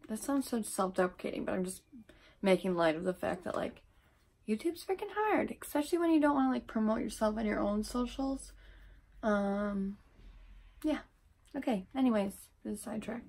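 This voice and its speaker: A woman's voice: medium pitch, creaky, darkish tone. A woman vlogger chatting casually through a makeup tutorial, rambling with self-deprecating asides, filmed at home on a tripod camera.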